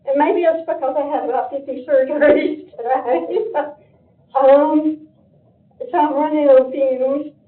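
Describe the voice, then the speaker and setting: A woman's voice: high-pitched, steady tone, a little slow. An older woman giving an emotional public comment at a county meeting, pleading with her voice breaking. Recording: echoey room, phone-like meeting audio.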